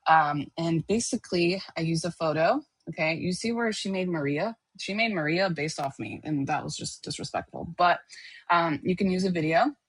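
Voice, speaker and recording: With a fairly low, slightly rough voice at a moderate pace, this online course teacher walks her listeners through a relaxed screen-share lesson. She's chatty and keeps asking "okay?" or "right?" to check in. The sound is free of echo.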